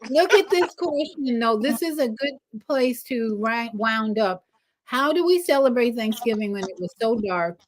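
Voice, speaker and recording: Animated woman host, slightly high voice. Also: normal speed, low-quality recording. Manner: animated, acts out greetings in a lively higher voice. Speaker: talk show host. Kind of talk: casual livestream chat.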